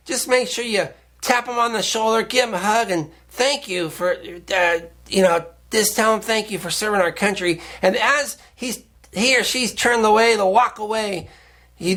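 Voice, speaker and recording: A man hosting a deadpan satirical monologue, rambling in a halting, earnest, offbeat way. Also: high-pitched. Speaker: host.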